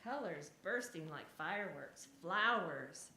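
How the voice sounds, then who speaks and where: A woman reading a picture book aloud to children at a church service, chatting with them between pages in a gentle, expressive way. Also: lowish voice, slow, a little hiss or hum. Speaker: story reader at a church service. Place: church sanctuary. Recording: roomy church hall echo.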